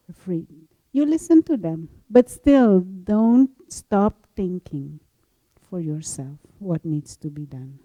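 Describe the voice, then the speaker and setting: A woman meditation teacher telling a story in a gentle spiritual talk, laughing softly now and then. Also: mid-range voice, animated, dry recording, muffled recording. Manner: slow, gentle storytelling with frequent soft laughs.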